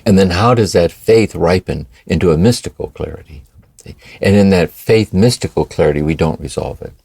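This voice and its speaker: A man's voice: deep voice, a little fast, creaky, darkish tone, husky, dry recording. An older man, co-host of a spiritual podcast, talking in a meditative, reflective way and often asking "see?". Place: home by the ocean.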